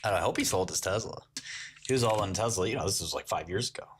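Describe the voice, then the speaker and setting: Joking man with a lowish voice. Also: animated, quick pace, background noise. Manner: joking, laughs often, answers chat. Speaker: livestream host. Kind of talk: casual livestream chat. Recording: keyboard typing clicks. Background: keyboard typing.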